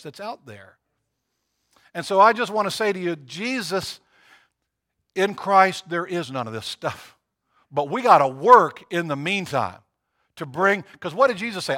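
A man delivers a sermon in a somewhat high voice. He talks to his congregation in a casual, direct way, repeats himself for emphasis, and builds to fervent peaks. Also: bright, forceful tone. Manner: preaching with rising fervor, emphatic repetitions. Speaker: pastor.

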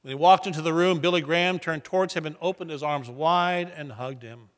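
High, bright-voiced preacher in a reverberant hall. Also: male voice, a little fast. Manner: earnest storytelling preacher, building emphatic repetition. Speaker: pastor. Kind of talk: sermon.

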